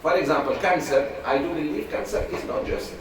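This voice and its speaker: A man's voice: a little high, brisk. A man teaching a religious class in a conversational way, acting out voices while telling stories. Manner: conversational, acts out quoted voices in a story. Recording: echoey room from far off, noisy.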